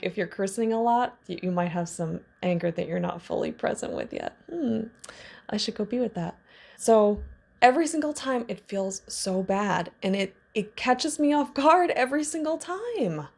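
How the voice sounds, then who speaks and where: A woman's voice: medium pitch, vocal fry. A woman in her thirties speaking as a trauma healing coach, in a candid, casual teaching monologue with laughs and personal asides. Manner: warm candid talk with laughs and self-disclosure.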